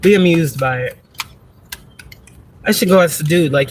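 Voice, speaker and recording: A woman vlogging from a parked car in a casual, rambling monologue, profane and animated, laughing often as she tells stories. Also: sits low, normal speed, a little hiss or hum. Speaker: spiritual reader and vlogger.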